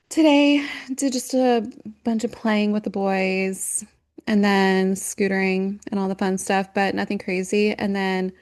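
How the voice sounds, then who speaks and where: A woman's voice: mid-range voice, darkish tone. Easygoing woman podcast co-host. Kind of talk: casual chat.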